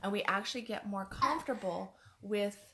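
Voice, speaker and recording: A woman's voice: medium pitch, normal speed, sharp tone, slight background noise. A woman life coach giving a chatty motivational talk, repeating her points for emphasis. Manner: chatty, acts out other people's words.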